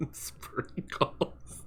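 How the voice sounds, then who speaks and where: A man narrating a tabletop game as game master, often laughing. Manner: laughs often, slow and lively.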